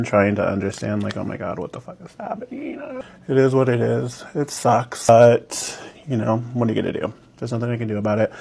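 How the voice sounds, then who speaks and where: A man chatting casually in a personal vlog, wry and resigned in tone, with a gravelly voice. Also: mid-range voice, a little mellow.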